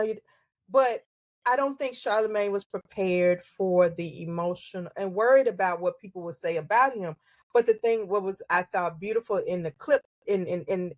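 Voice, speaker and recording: A woman's voice: medium pitch, dry recording. A middle-aged woman co-hosting a podcast in casual chat, explaining her views at length with frequent restarts. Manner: thoughtful, drawn-out explanations with many restarts. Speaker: podcast co-host.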